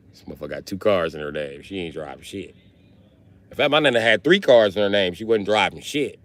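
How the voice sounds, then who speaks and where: A man on a live stream telling a funny family story, animated and profane, with heavy slang. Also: deep voice, brisk, no echo. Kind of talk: comic storytelling.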